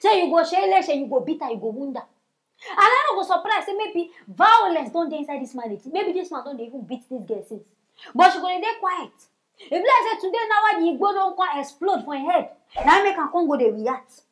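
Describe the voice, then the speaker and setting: A Nigerian woman hosts a comic celebrity gossip show, mocking and scolding the people in the story. Her voice sits high and swings all over the place. She rattles along at a quick pace. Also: very animated, a bit bright. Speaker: news show host.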